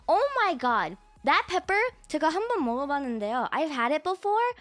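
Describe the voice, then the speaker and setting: A woman streamer chats casually with her viewers in a bright, high voice. She is animated and excitable and swears without a second thought. Quiet music plays in the background. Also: rapid-fire, no echo. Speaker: livestreamer. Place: home streaming setup.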